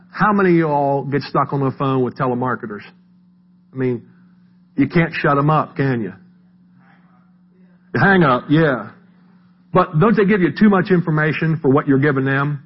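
A middle-aged man, giving an informal church sermon in a folksy, halting way with many restarts and asides. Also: mid-range voice. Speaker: lay preacher. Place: church sanctuary. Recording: muffled, lo-fi church recording.

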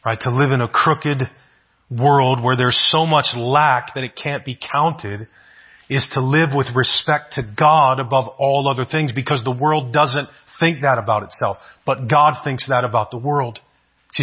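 Male pastor, husky, earnest sermon delivery, muffled lo-fi sound. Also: mid-range voice. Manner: earnest, repeats words, asks "right?" often.

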